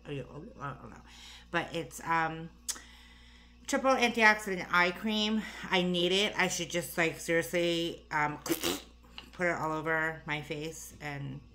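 A woman's voice: low-pitched, unhurried, sharp tone, slight background noise. A tired, slightly breathless woman chatting casually through a makeup tutorial, rambling with lots of fillers and asides. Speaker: beauty vlogger.

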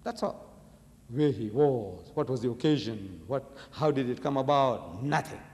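A man's voice: medium pitch, lively intonation, a little slow, darkish tone, in a large hall. A man giving a public religious lecture, emphatic and rhetorical, often putting questions to his audience.

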